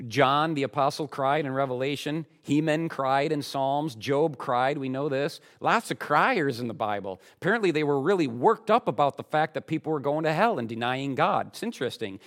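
A male pastor delivers a sermon in a church at a mid-range pitch for a man. He preaches emphatically, putting rhetorical questions to his congregation, and swings between forceful outbursts and quiet, drawn-out lines. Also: expressive.

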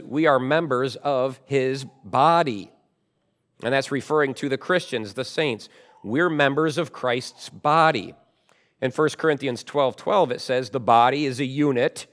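A man preaching a sermon as pastor, emphatic, with loud stressed words and quieter asides. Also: medium pitch.

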